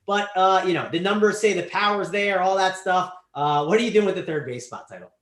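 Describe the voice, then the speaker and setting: A man hosting a casual sports betting show, animated, his voice swinging up and down and trailing off quietly. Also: sits high, brisk, echoey room. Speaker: show host.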